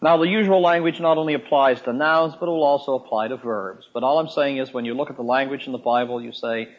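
Folksy husky male preacher teaching. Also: medium pitch. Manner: folksy, repeats key phrases, slows down to explain. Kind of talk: sermon-style Bible lesson. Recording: dull lo-fi recording.

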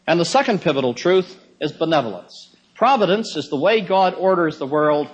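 A man's voice: on the high side, animated, normal speed, slightly rough. A man in his fifties preaching a sermon in a conversational teaching manner, repeating key phrases for emphasis. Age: 50s. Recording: dull lo-fi recording.

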